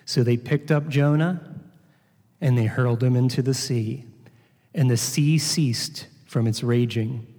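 A man's voice: mid-range voice, a little slow, warm tone. Preacher man in an echoing hall. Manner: reads scripture aloud, then explains with rhetorical questions. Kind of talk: sermon. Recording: long hall reverb.

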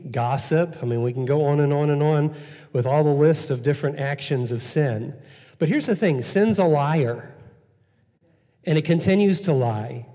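A man's voice: mid-range voice, dark tone. A man preaching an Easter sermon as pastor, conversational, repeating key phrases and using frequent fillers. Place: church sanctuary. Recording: long hall reverb.

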